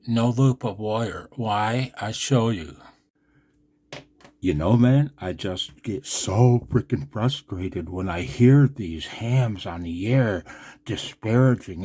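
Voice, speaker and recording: A man's voice: mid-range voice, darkish tone, slightly rough. A middle-aged man ranting in frustration about radio antennas, swearing and repeating himself. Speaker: ham radio vlogger. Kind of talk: heated rant to camera.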